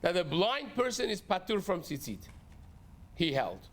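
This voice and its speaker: A man teaching a Talmud lesson as a rabbi, his voice pitched high. He explains each step with lively swings in tone and mixes Hebrew and Aramaic terms into the talk. Now and then he clears his throat. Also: measured pace.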